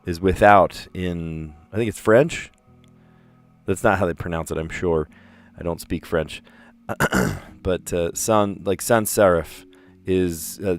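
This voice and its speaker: Man, teacher, casual puzzle livestream host, low voice, thinks aloud, chatty and self-amused.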